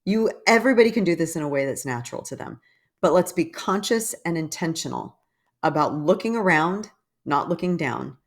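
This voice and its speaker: Low-voiced enthusiastic woman podcast host. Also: animated, a little fast. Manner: enthusiastic, conversational. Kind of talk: casual chat.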